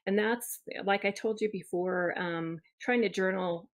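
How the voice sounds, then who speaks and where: A woman guest on a podcast speaks at a middle pitch. She sounds earnest and a little hesitant, filling her pauses with ums as she explains her work. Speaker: guest, wellness copywriter and coach. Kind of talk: casual interview chat.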